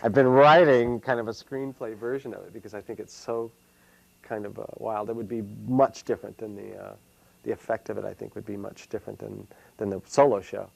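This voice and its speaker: A man, a solo performer, answering interview questions in a casual, halting way, full of fillers and restarts. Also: on the low side, fairly even intonation, gravelly, a little mellow, dry recording, poor audio. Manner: hesitant, many fillers and restarts.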